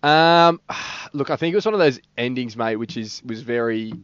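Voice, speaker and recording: A man's voice: mid-range voice, normal speed, fairly bright tone, clear, resonant tone, dry recording, muffled recording. A man with an Australian accent, co-hosting a radio show in casual, jokey banter and calling his partner mate. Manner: laid-back, jokey, says mate a lot. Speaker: radio co-host.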